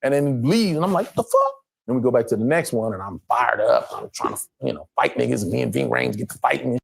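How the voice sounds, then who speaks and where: A middle-aged man from Los Angeles tells his stories with a husky, slightly rough voice. He keeps the delivery animated, his pitch rising and falling a lot as he acts out the other people in them. It comes across as relaxed panel-show talk. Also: fast talker. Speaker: guest actor.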